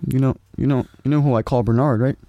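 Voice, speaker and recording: A man's voice: medium pitch, steady tone, quick pace, dark tone, no room sound. A man co-hosting a casual sports podcast, joking loosely with plenty of fillers. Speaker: podcast co-host.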